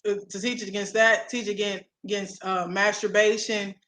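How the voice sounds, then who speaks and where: A woman co-hosting a casual talk show, sassy and playful with drawn-out emphasis. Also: medium pitch, little pitch movement, a bit bright. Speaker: co-host. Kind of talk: casual chat.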